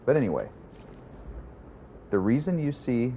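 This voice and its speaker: A man's voice: mid-range voice, very animated, measured pace, mellow, muffled recording, a little hiss or hum. A man streaming a game, chatting casually with his viewers in a rambling, profane way. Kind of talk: casual livestream gaming commentary.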